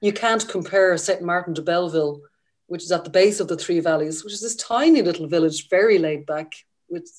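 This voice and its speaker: A middle-aged woman journalist from Ireland chats about her work as a guest, enthusiastic and full of small restarts. Her voice sits fairly low for a woman. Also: a little fast, darkish tone. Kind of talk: casual interview.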